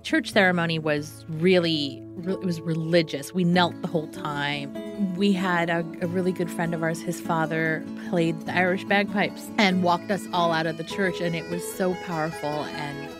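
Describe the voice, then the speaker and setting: A woman's voice: on the low side, steady tone, normal speed, few pauses, music in the background. A woman guest telling, in an earnest reflective way, how she met and married her husband. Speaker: interview guest, wife. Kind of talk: reflective storytelling.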